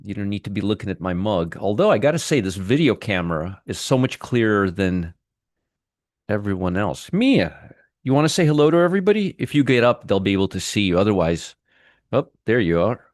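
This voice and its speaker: A man's voice: lowish voice, fairly quick, no room sound, clean studio sound. A middle-aged man hosting a casual trading livestream, rambling and greeting viewers one by one by name, with frequent restarts. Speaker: trading show host.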